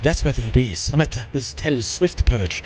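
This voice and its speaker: A man reading out a blunt, swearing male game quest-giver in a put-on English accent, rough and clipped. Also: medium pitch, expressive, unhurried, darkish tone, a little hiss or hum, natural voice. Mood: gruff.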